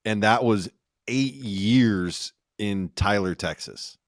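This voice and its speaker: A man's voice: on the low side, takes it slowly, no echo, studio quality. A man hosting a casual interview, reacting with short remarks and frequent laughter. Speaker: podcast host.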